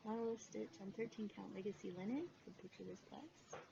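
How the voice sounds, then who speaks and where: Excitable woman vlogger, gravelly voice. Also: mid-range voice, quick pace. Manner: excitable, gushing, many fillers. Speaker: cross-stitch vlogger. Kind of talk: casual haul video chat. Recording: dull lo-fi sound with background noise.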